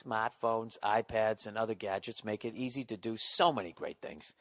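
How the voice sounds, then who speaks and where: A man's voice: lowish voice, moderate pace, dry recording, studio quality. A man hosting a podcast, telling a story in a casual, rambling, profane way, with a Boston accent and a self-mocking edge. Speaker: podcast host.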